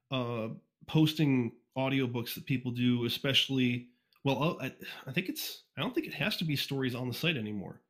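A man from Northeast Ohio talks in a loose, casual podcast chat. He tends to rush his words and leans on fillers and quick restarts. His voice sits at an everyday middle pitch, picked up cleanly by a USB condenser mic. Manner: fast-talking, informal, frequent fillers and restarts. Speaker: podcast guest, fan audiobook reader. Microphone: USB condenser microphone.

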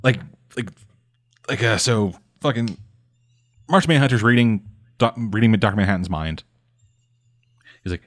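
Man, lowish voice, casual podcast chat, rambling, profane, deadpan. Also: a little fast, pauses often. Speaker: podcast host recapping a comic.

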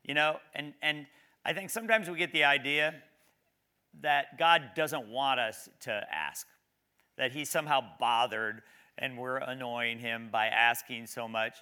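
Bright, clear-voiced male preacher. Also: medium pitch. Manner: conversational preaching, asks the congregation questions; reads scripture slowly and emphatically. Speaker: pastor. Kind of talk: sermon with scripture reading.

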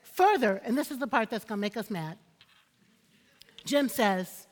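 A woman's voice: on the high side, lively intonation, measured pace, pauses often, big-room sound. A woman preaching a sermon, emphatic and repeating phrases for effect, calling on the congregation for amens.

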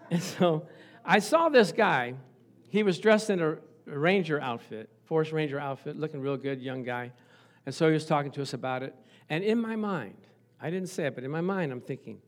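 A man preaching a sermon, telling lively stories and acting out the voices of the people in them. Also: fairly high pitch, normal speed. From Italian family background. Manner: animated storytelling, acts out voices. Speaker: pastor.

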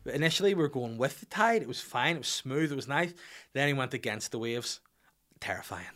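A man's voice: medium pitch, animated, fairly quick, fairly bright tone. A Northern Irish man in his thirties, a podcast host telling a rambling anecdote, swearing freely and mimicking people in his stories. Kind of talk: casual storytelling.

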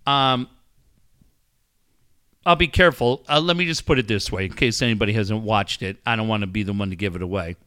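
A middle-aged man, a coach and father, telling stories in casual chat, lively and laughing as he acts out what others said. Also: lowish voice, a little fast, pauses often, clear, resonant tone. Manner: animated, laughing storyteller who acts out quotes.

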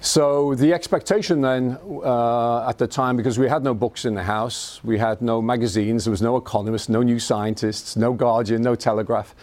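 Invited to give an evening talk, a middle-aged Liverpool man with a Scouse accent shares self-deprecating life stories, frequently restarting. His medium-pitched, slightly mellow voice keeps a steady tone at normal speed with hardly any pauses.

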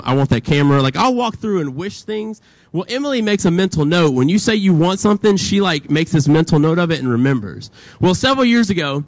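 A young man preaching to teenagers like he's telling a story to friends. He has a fairly high voice that swings all over as he acts out quotes. The sound is dry and close. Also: dry recording. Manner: casual, chatty, many "like" fillers, acts out quotes. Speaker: youth pastor.

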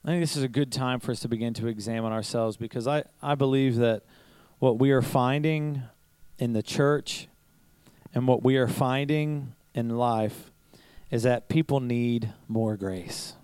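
A man's voice: medium pitch, a little slow, a little mellow, smooth, no room sound, rough recording. A pastor preaching to his church in a conversational sermon, telling stories, asking rhetorical questions and chuckling now and then. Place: church service.

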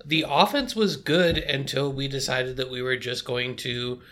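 Bright-voiced analytical male podcast host. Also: mid-range voice, fairly even intonation, a little hiss or hum. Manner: quick and analytical, reading stats. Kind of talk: sports analysis chat.

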